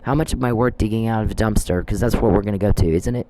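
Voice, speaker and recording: A man's voice: on the low side, fast talker, dark tone, slight background noise. Man ranting emphatically in a monologue. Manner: emphatic, repetitive, accusatory ranting. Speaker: podcast host. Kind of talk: solo podcast monologue.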